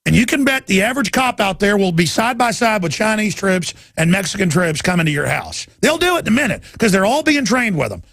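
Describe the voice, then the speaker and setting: Male radio host, gravelly and high-pitched, urgent rambling monologue, dry close sound. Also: big pitch swings, brisk, few pauses, a bit bright, no room sound. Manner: urgent, rambling, addresses listeners as folks. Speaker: radio talk show host.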